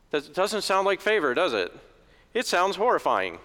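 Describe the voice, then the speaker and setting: A man's voice: high voice, big pitch swings, normal speed, sharp tone. A middle-aged man preaching a sermon in a joking, conversational way, in a church. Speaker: pastor. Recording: echoey church reverb.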